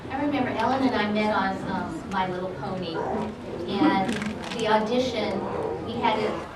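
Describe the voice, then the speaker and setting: A voice actress on a convention panel, making brief, matter-of-fact remarks. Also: female voice, mid-range voice, normal speed. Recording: echoey hall, distant mic, loud crowd.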